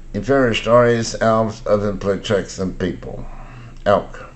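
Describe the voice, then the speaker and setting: Older man slowly reading English word lists. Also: low-pitched. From Taiwan. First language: Mandarin. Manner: slow, deliberate word-by-word reading. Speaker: English pronunciation teacher. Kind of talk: reading vocabulary words and example sentences.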